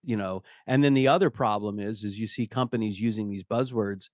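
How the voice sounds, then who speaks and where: A man's voice: fairly low pitch, fairly quick, no room sound, studio quality. A middle-aged man, a company CEO, talking as a podcast guest and telling stories, acting out the people he quotes. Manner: animated storyteller, acts out quotes. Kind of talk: conversational podcast interview.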